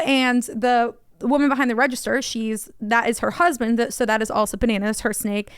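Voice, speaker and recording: A woman co-hosting a podcast in casual chat, telling stories in an animated way and acting out what people said. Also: on the high side, fairly quick, few pauses, clean tone, no echo, clean studio sound. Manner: animated storyteller who acts out quotes. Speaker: podcast co-host.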